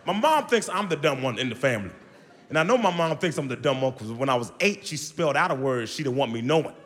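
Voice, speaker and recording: A young man doing a loud, animated stand-up comedy set on stage, jumping into high shouts. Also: quick pace. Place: large comedy venue on stage. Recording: live show in a hall with audience.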